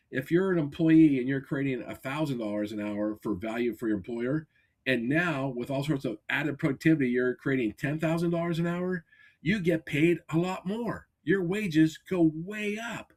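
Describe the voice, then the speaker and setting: Husky-voiced man hosting a podcast. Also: fairly high pitch. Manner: energetic, coaching tone with frequent restarts. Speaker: podcast host. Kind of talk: casual podcast discussion. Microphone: remote call. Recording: glitchy remote call audio.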